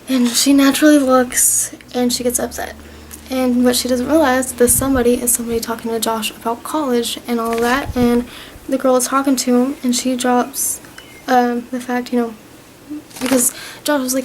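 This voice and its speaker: A young woman talks to her camera at home, rambling happily through a recap of a show. Her voice sits high and slips into gravelly fry at phrase ends. A faint hum lingers behind her. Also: steady tone, normal speed, a little mellow, rough recording. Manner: chatty and rambling, many fillers and retold dialogue. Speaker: vlogger reviewing a TV season. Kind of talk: casual recap talk to camera.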